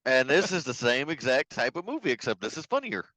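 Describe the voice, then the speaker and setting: A man co-hosting a podcast, chatting casually about a film, profane and quick to laugh. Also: mid-range voice, sing-song, bright, forceful tone, dry recording, rough recording. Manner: loose, profane, laughing storyteller. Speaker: podcast co-host. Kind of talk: casual movie review chat.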